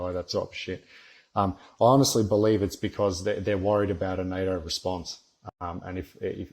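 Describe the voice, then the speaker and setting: A man's voice: sits low, darkish tone. A man, a former soldier, talking bluntly and rambling in a casual podcast chat, swearing constantly.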